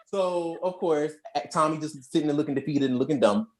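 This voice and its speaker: A podcast co-host recapping a movie in a lively, slangy, storytelling way. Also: mid-range voice, fairly quick, hardly any pauses. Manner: animated, slangy storytelling with acted-out quotes. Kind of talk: casual movie review chat.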